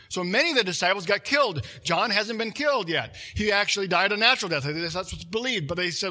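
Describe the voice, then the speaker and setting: Bright high-voiced man preaching. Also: expressive, fast talker, few pauses. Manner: conversational, asides to the congregation, frequent restarts. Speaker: pastor. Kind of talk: sermon.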